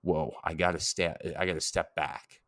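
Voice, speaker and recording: Male podcast lecturer, very low voice, chatty and meandering, dry close mic. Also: flat delivery, normal speed, a bit bright, dry recording. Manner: conversational, rambling with fillers and self-corrections. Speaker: anatomy and etymology instructor.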